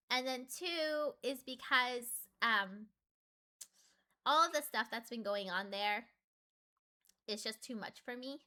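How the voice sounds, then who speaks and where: A young adult woman chatting casually with her stream, full of fillers and sudden jumps up in pitch when she gets excited.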